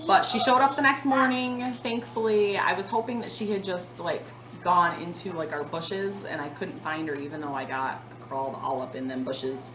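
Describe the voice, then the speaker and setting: A woman in her thirties telling a long story to the camera in a casual vlog, chatty and animated, with lots of fillers. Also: on the low side, moderate pace, roomy sound, background noise. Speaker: cross-stitch vlogger.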